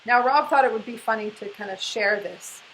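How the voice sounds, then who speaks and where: A woman in her forties reads aloud from her old journal in an earnest voice that keeps slipping into laughter. Her voice sits a little high for a woman, and a faint hiss runs under the recording. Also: fairly quick, fairly bright tone, rough recording. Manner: earnest reading, often breaking into laughter. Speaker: co-host sharing her spiritual journey. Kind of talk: casual chat, reading aloud from an old journal.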